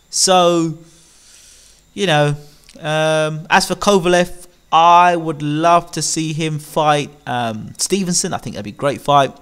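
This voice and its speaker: Male commentator, slightly high pitch, opinionated and animated delivery. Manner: animated, rhetorical questions, frequent ums. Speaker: boxing commentator.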